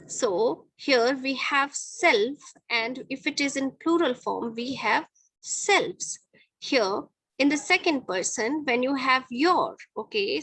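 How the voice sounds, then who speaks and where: A woman's voice: sits high, fairly bright tone, husky, no room sound, rough recording. A middle-aged woman teaching a grammar lesson to children, patiently repeating each point and checking with "okay".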